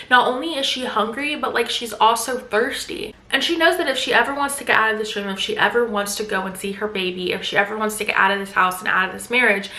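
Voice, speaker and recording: A woman's voice: mid-range voice, sharp tone, roomy sound. A woman giving a chatty, casual book recap full of filler words. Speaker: book vlogger.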